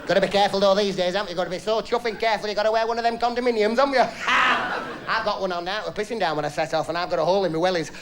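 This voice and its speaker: A man's voice: high voice, fairly even intonation, very fast, a crowd in the background. A man doing a live stand-up routine, chuckling cheekily through his punchlines. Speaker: stand-up comedian. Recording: live club set, audience and noise.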